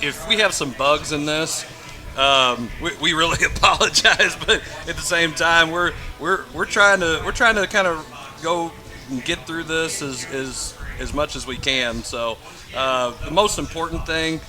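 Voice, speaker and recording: A man's voice: fairly high pitch, unhurried, pushed and bright, faint music behind. A man, a coach, doing casual color commentary in a rambling way with many restarts.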